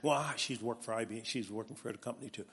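A male preacher giving an animated sermon with a personal testimony, calling out to his congregation and building to shouts. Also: lowish voice, fast, husky. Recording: long reverb of a large hall.

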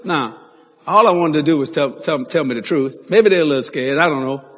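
A man preaching a sermon, telling stories animatedly with laughs and sudden shouts. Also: fairly high pitch, a little fast. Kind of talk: sermon storytelling. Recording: long hall reverb.

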